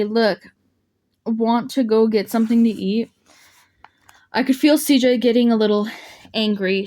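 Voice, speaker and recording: A woman's voice: medium pitch, a little mellow. Woman reading an audiobook aloud. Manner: reads dialogue with light voicing, small restarts. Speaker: audiobook reader. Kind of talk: audiobook narration.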